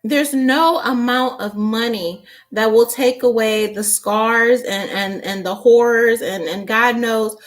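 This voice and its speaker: A woman giving a casual tarot reading, halting with many fillers and restarts. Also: on the high side, fairly even intonation, soft background music. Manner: grows impassioned and indignant. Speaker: tarot reader.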